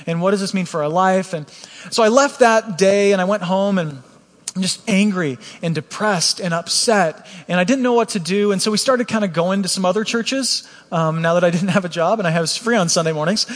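A man's voice: sits high, normal speed, in a large hall. A man preaching a candid, earnest personal testimony, often restarting his sentences. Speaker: pastor.

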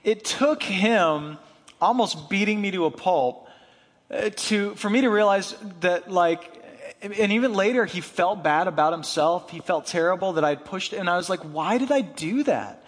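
High-voiced man preaching in a reverberant hall. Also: moderate pace, fairly bright tone. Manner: casual, chatty, many fillers and "right?" tags. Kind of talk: storytelling sermon.

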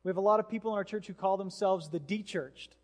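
A male pastor preaching a sermon, telling a story in an animated way and acting out what people said. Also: high voice, quick pace. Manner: animated storytelling with acted-out quotes. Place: church sanctuary. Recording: long hall reverb in a church.

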